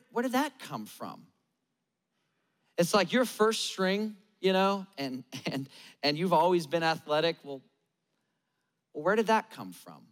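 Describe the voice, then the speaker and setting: A man's voice: high voice, big-room sound. A male pastor preaching a sermon in a conversational, emphatic style, with lots of repetition.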